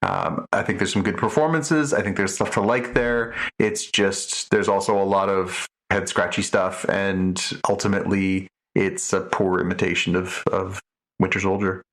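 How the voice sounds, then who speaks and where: A man's voice: low voice, fairly even intonation, moderate pace, fairly bright tone. A middle-aged man co-hosting a podcast in casual chat, rambling with many restarts and fillers. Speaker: podcast co-host.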